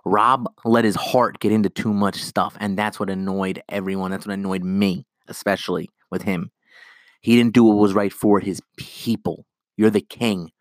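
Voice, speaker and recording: A man with a low-leaning voice hosts his podcast solo, rambling through an animated rant and dropping into quick character impressions. The recording is dry and close, with no room sound.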